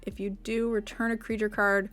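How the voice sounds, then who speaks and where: A woman's voice: mid-range voice, little pitch movement, moderate pace, a bit bright, faint music behind. A woman streamer giving gameplay commentary, thinking aloud and playfully exasperated as she plays.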